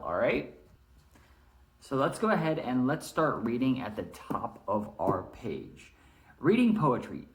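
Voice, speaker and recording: A man's voice: medium pitch, echoey room. A male teacher reading a poem aloud and then explaining how to read poetry, checking in often with "all right?". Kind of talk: recorded classroom lesson, reading poetry aloud.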